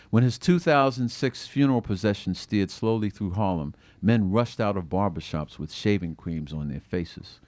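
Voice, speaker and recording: A man, an author, reading aloud from his own book at a bookstore event, expressive and acting out the quoted voices. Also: low-pitched, no room sound.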